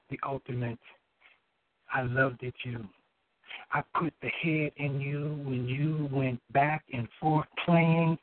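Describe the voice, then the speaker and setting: A man's voice: medium pitch, no room sound. Man reciting poetry over a phone line. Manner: halting, with many fillers and restarts between lines. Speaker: caller reading his poem.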